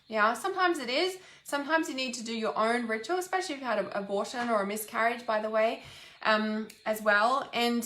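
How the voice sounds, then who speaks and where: An earnest woman with a fairly high voice talks to her viewers as a healer. She speaks casually and repeats words again and again for emphasis. The room echoes around her. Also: bright, forceful tone. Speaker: intuitive healer and mentor. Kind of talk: casual live talk to viewers.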